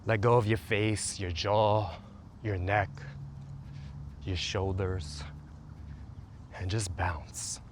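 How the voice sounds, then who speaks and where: A man guiding a stretching and relaxation routine in a slow, soothing, calm way. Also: fairly low pitch, noisy background. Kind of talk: guided relaxation instruction.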